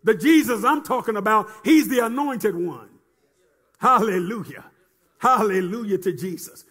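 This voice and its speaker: Preaching in a chanting cadence that rises and falls, this very high-voiced man repeats phrases and urges his congregation to answer back. His delivery is expressive and a little slow, with a bit of brightness and a husky quality.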